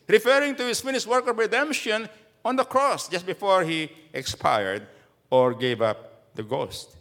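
A man's voice: sits high, normal speed, fairly bright tone. A man in his seventies preaching a sermon to his congregation, emphatic and full of rhetorical questions. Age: 70s. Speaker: pastor.

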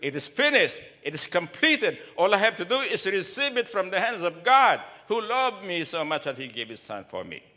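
A man's voice: high-pitched, sing-song, moderate pace, hardly any pauses, pushed and bright. A man in his seventies preaching a sermon to his congregation, emphatic and full of rhetorical questions. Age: 70s. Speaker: pastor.

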